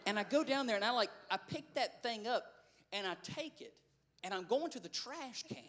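Male preacher, high pitch, sharp bright tone, storytelling sermon. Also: animated, normal speed. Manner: storytelling, building to shouted preaching.

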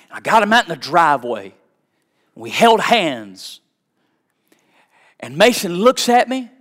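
Middle-aged male pastor, fervent storytelling preacher, higher-pitched voice, hushed to shouting. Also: sing-song, a little slow, long pauses. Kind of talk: sermon with storytelling.

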